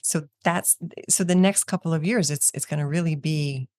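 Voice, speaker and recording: A woman's voice: low voice, moderate pace, a little mellow, no room sound, studio quality. An older woman, a business owner, chatting as a guest in an interview, talking in a loose, rambling way with many fillers and restarts. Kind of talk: casual interview conversation.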